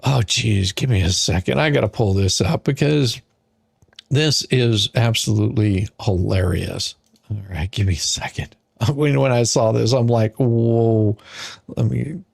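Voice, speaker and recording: Exasperated male commentator, slow and husky, dry close sound, sarcastic rant. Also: fairly low pitch, lively intonation, dry recording. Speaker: commentator reading a court filing. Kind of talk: ranting commentary.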